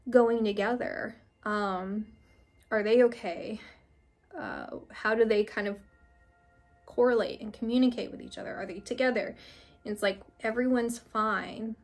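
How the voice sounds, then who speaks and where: A young woman giving a casual spiritual card reading, rambling with many fillers and restarts, gently reassuring. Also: medium pitch, fairly even intonation, unhurried, pauses often. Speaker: tarot reader.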